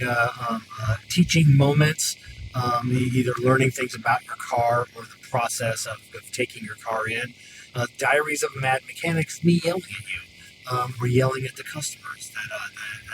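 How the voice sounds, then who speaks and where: A man who works as a mechanic and hosts a podcast, ranting about customers in a casual, profane, rambling way full of fillers. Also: mid-range voice. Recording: distant mic with clear background noise.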